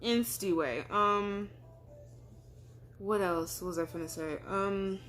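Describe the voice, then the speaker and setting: A woman's voice: medium pitch, fairly even intonation, slow pace, fairly bright tone. Chatty young woman rambling through a story. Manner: rambling, filler-heavy, acts out quoted dialogue. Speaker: vlogger telling a personal story. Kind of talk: casual storytime chat.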